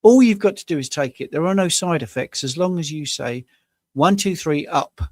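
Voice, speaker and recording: A man's voice: fairly high pitch, expressive, moderate pace, a little mellow, dry recording. A man co-hosting a casual chat, jokey and self-deprecating, telling stories. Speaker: co-host.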